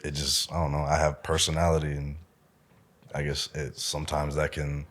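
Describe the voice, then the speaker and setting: A man's voice: extremely low pitch, monotone, moderate pace, fairly bright tone. A young man from Omaha chatting as a podcast guest, laid-back, laughing often and calling the host "bro". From Omaha, United States. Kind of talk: casual interview chat.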